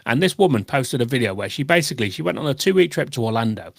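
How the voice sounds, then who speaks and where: A man talks as a guest on a podcast, telling anecdotes at a brisk clip with an animated, self-deprecating manner. His voice has a gravelly, creaky texture. The recording is close and dry, with hardly any room around him. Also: medium pitch, no echo. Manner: animated storyteller, quick and self-mocking. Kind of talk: casual chat.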